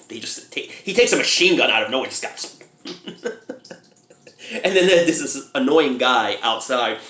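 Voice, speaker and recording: Man reviewer, casual and giggly, animated pitch, recorded in an echoey room. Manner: laughs often while retelling scenes, mimics characters in high squeals. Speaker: movie reviewer.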